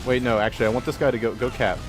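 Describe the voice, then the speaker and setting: A man hosting a casual live stream, chatting while he plays a game and breaking into loud swearing outbursts at it. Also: medium pitch, racing, faint music behind. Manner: excitable, swears and shouts at the game. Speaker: streamer and show host.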